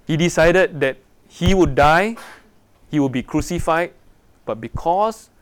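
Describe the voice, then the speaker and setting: A man preaching a sermon to young people, animated and full of rhetorical questions. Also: fairly high pitch, a little slow, clear, resonant tone. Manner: animated, rhetorical questions, acts out quoted voices.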